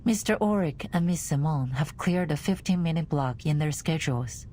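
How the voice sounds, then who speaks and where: A woman voicing a cool, formal administrator in a game, speaking in a calm, businesslike way. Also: sits low, moderate pace, slight background noise. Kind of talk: game voice acting.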